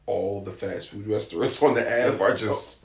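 A man co-hosting a casual chat, animated and exclaiming with laughs. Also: fairly low pitch, moderate pace, gravelly. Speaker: podcast co-host. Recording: echoey room with faint noise.

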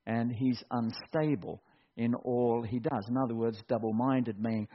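A middle-aged man preaching a sermon, animated and acting out quotes in mock voices. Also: mid-range voice, a little slow, husky. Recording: dull lo-fi recording.

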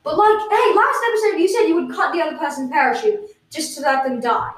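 A woman co-hosting an improvised comedy podcast, firing off teasing questions. Her voice sits fairly high. The recording is roomy and set back from the mic. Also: animated, fast, far from the mic. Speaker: podcast co-host.

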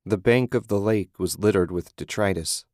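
A low-pitched man narrating a horror story in a measured, grim manner. The read is close and completely dry, with no trace of a room. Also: a little mellow, dry recording. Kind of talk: scripted horror audiobook narration.

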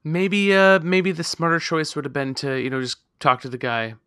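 A man co-hosting a casual podcast, talking about a film in an animated way, swearing freely and mocking the characters. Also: fairly high pitch, normal speed, clean tone, no room sound, studio quality. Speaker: podcast co-host. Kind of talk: casual movie discussion.

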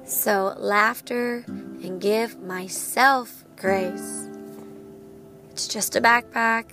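A woman's voice: medium pitch, fairly even intonation, very slow, over music. A woman in her thirties hosting her own podcast as a parent of a child with medical needs, talking candidly and laughing at herself. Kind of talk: personal podcast monologue.

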